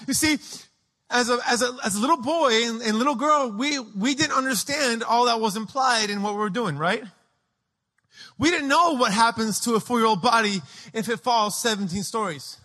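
A man preaching a sermon, telling a family story in an animated way and acting out each scene. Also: very high voice, moderate pace.

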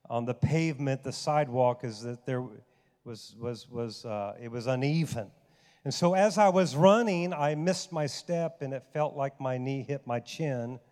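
A man's voice: medium pitch, darkish tone, clear, resonant tone. A male pastor preaching a sermon, telling a personal story and building to emphatic, raised passages. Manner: storytelling, rising to emphatic outbursts. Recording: long hall reverb.

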